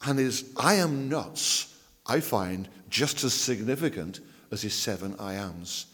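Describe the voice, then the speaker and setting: A man preaches in a lowish voice, stretching key phrases for emphasis and sinking to near-whispers. His words ring out with a long reverb, as in a church hall. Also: slightly rough. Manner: emphatic, drawn-out phrasing with dramatic drops to a hush. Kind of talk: sermon.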